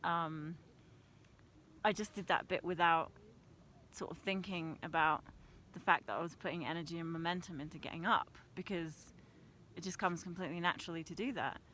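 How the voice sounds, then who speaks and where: A young woman with a lowish voice talks through her thoughts in a loose, chatty vlog, breaking into laughter at her own expense. She is recorded outdoors on a mountain trail, with faint ambient noise behind her. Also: normal speed, pushed and bright. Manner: chatty, laughs often, self-deprecating. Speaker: vlogger. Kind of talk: casual reflective vlog.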